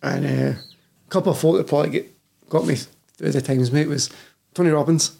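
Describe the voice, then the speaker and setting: A man's voice: fairly high pitch, fairly quick, creaky, warm tone. A Scottish man in his thirties, a personal trainer talking candidly as a podcast guest, swearing freely and calling the host "mate" constantly. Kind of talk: casual podcast chat.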